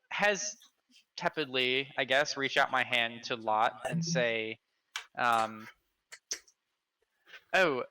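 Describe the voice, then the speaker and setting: Bright, smooth-voiced male player. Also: mid-range voice, low-quality recording. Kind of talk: tabletop role-play.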